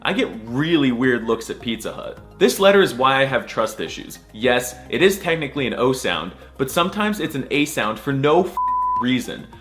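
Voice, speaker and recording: A man hams his way through a comedic alphabet lesson, mock-serious and playful. His pitch swings all over the place, jumping up into squeaky bursts between deadpan asides, and he drills each sound over and over. Soft music plays faintly underneath. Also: normal speed. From United States. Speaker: comedic language teacher.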